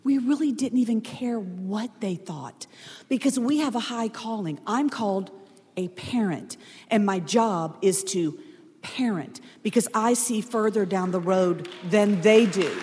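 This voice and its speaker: A woman's voice: mid-range voice, measured pace, darkish tone, some chatter behind. Middle-aged woman, earnest and direct sermon voice, hall reverb, faint audience. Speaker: pastor's wife.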